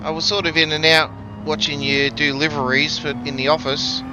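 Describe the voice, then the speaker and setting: A man's voice: on the high side, flat delivery, normal speed, highs cut off. Chatty man streaming a racing game. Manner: chatty, talks to viewers while driving. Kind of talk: casual live-stream chat. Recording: game music underneath. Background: racing game music and car engines.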